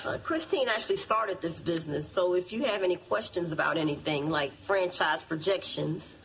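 A woman's voice: lowish voice, moderate pace, vocal fry. An actress playing a blunt, tactless woman who runs a gym, heard in a distant film clip with crowd noise.

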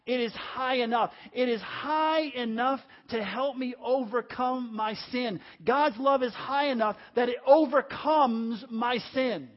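A man's voice: very high voice, measured pace, few pauses. A man preaching a sermon, emphatic and repetitive, calling on the congregation to answer back. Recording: dull lo-fi audio.

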